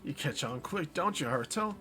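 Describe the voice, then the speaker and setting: A man's voice: a little high, animated, a little fast, music in the background, close to an everyday voice. A man voicing a brash young female police officer in a game, bossy and matter-of-fact.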